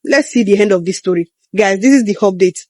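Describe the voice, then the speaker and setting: A man's voice: sits high, brisk, darkish tone, no echo. A man giving casual news commentary, emphatic and repetitive, chuckling between points.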